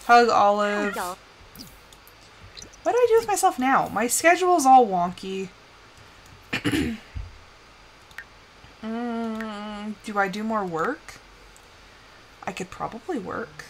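Playing a life-simulation game on stream, a young woman talks in a fairly high, animated voice but at a slow pace with long pauses. Her casual commentary is full of laughter and chatter directed at the on-screen characters.

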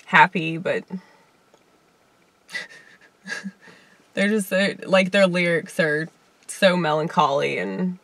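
A woman's voice: fairly low pitch, takes it slowly, pauses often, fairly bright tone, dry recording. A woman with a Southern US accent, a comedian rambling in a casual monologue with lots of fillers and chuckles. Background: faint piano keyboard playing.

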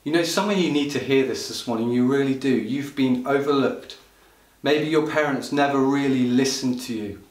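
A man preaching a livestreamed church sermon with impassioned delivery, at times rising into loud pleading cries. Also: medium pitch, normal speed. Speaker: pastor. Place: church hall. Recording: roomy hall sound from a distant mic.

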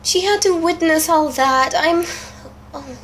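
Young woman let's player, very high voice, slow-talking, excitable repeater. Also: a little hiss or hum. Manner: excitable, exclaims and repeats herself. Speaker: let's play gamer. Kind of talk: emotional gameplay commentary.

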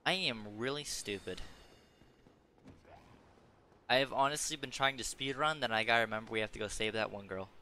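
A man's voice: mid-range voice, normal speed, long pauses, bright, forceful tone. A young man casually commenting on his own gameplay, muttering and swearing at enemies. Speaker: gameplay streamer.

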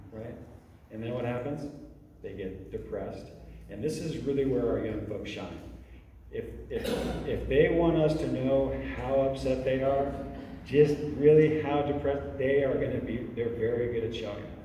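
A man with a low, mellow voice talks to a room of parents, tossing in "okay?" and "right?" as he goes. He is heard from far off in a church hall with long, echoing reverb. A faint room hum sits behind him. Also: unhurried, long pauses. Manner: conversational, checks in with "okay?" often. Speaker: youth ministry director giving a parent talk. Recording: echoey hall recorded from far off.

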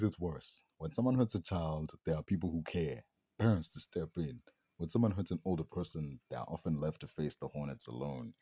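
Low, husky-voiced man rambling about a film. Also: dark tone, no echo. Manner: rambling, slangy, swears freely. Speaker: movie reviewer. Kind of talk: casual spoken film review.

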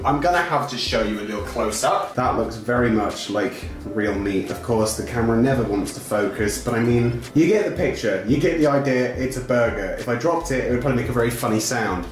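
A young man hosting a casual taste-test vlog, chatty and exclaiming as he talks to his viewers. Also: medium pitch. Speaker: YouTuber host. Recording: echoey room with light music.

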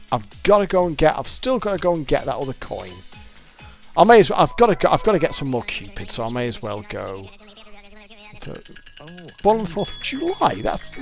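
A British man swearing and grumbling in exasperation as he gives gameplay commentary on a YouTube video. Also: a little high. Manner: swearing, exasperated, self-mocking.

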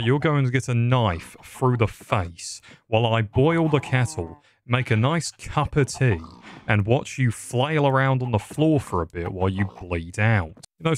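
Man, young, sarcastic game commentary, mid-pitched voice, faint noise behind. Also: expressive, moderate pace. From England. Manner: sarcastic, swearing, rambling jokes. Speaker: gaming YouTuber. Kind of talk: casual gameplay commentary.

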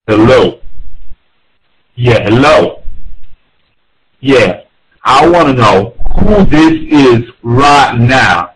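A man's voice: medium pitch, animated, drawn-out words, pauses often, a bit bright, low-quality recording. A man on a prank call playing an angry boyfriend who demands answers. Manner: accusatory, demanding.

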